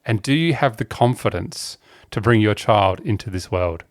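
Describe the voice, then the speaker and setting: A man, co-hosting a podcast and telling stories in a relaxed way. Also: fairly low pitch, normal speed, no echo, clean studio sound. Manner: easygoing storyteller, acts out quotes in playful voices. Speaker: podcast co-host. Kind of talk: casual chat.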